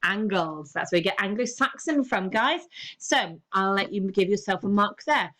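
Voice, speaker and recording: A woman's voice: mid-range voice, lively intonation, normal speed, a bit bright. A woman teacher, giving a recorded lesson and explaining things step by step in an encouraging way.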